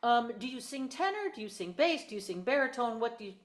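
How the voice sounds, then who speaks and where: High-voiced woman voice coach, patient and detailed. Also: sing-song, quick pace. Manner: detailed, repeats explanations. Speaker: voice teacher. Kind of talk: online singing lesson.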